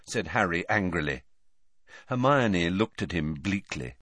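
A man reading an audiobook narration in a measured, expressive way, close to the mic. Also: low-pitched, dry recording. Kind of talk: scripted narration.

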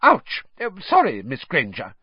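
A male narrator voicing a strict older woman teacher in an audiobook, barking commands in a shrill voice. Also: wildly swooping pitch, measured pace, husky, no echo, heavily acted. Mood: flustered. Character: stern older Scottish-style woman teacher, strict and sharp. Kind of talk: audiobook character voice. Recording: dull, dry studio sound.

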